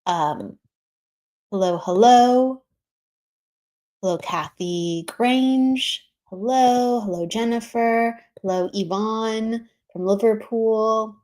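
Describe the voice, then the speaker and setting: A woman's voice: fairly high pitch, slow, a little mellow. A woman hosting a spiritual livestream, chatting casually and greeting viewers by name with frequent laughs. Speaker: livestream host. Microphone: streaming setup, remote.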